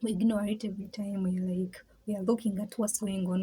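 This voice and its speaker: Woman rambling on camera, super breathy, mellow tone, stutters a lot, laughs, whispers sometimes. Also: mid-range voice, steady tone, moderate pace, low-quality recording. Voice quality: very breathy, husky. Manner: rambling, laughs often, stammers and repeats words; drops into whispers. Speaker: vlogger. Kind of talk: casual reflective monologue.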